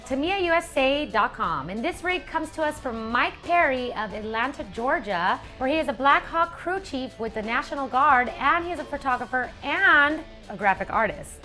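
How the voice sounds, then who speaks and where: A woman co-hosting a sim racing show, reading segment intros smoothly and teasing her co-host. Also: high-pitched, lively intonation, normal speed, hardly any pauses, sharp tone, soft background music. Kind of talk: scripted segment reading mixed with chat.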